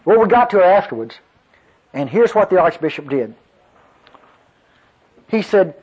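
His voice sits high and swings greatly in pitch, darkish and slightly rough, at a moderate pace with frequent pauses. He's a pastor delivering a folksy sermon, telling a story and calling out to the congregation, on a dull lo-fi recording.

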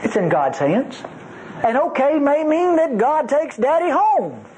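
A man with a drawl preaches a teaching sermon in a fairly high voice that leaps up and down as he leans on words. He is folksy and emphatic, dropping playful asides between readings of scripture. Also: big pitch swings, measured pace, slight background noise, low-quality recording. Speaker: Bible teacher.

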